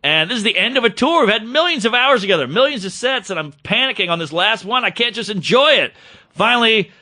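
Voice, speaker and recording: A man, a comedian, telling a story on a podcast in an animated, profane, self-deprecating way. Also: high-pitched, quick pace.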